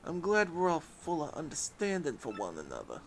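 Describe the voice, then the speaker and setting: A man puts on a mock New York gangster accent to play a menacing mafia boss, drawling like a smug tough guy. His fairly high voice swoops wildly in pitch at a normal speed, with faint background noise behind him.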